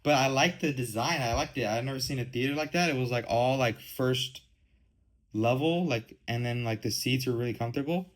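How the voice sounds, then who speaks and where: Poor audio carries a twentysomething man's medium-pitched voice, a little fast, as he hosts his own casual podcast. He rambles constantly, with plenty of "like" and "um."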